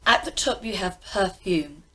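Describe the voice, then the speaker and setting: Slow, precise English woman teaching. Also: medium pitch, lively intonation, a bit bright, low-quality recording. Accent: received pronunciation English. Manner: precise, deliberate, emphatic over sounds. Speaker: pronunciation teacher. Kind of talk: pronunciation lesson.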